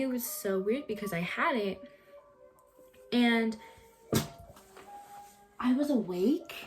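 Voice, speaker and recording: A young woman in a home vlog, recounting a personal story in a chatty, emphatic way and repeating words for effect. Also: mid-range voice. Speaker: vlogger.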